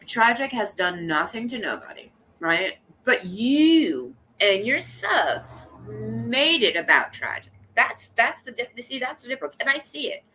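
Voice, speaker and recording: A woman hosting a casual livestream, chatting in a rambling, blunt and animated way and greeting viewers by name. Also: fairly high pitch, takes it slowly, background noise. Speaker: livestream host.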